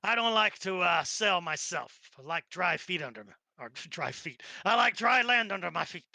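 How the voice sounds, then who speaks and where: A man's voice: sits high, lively intonation, moderate pace, gravelly, sharp tone, no room sound, full character voice. A man voicing a gossipy dockside trader with a put-on Brooklyn accent. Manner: chatty, laughing often.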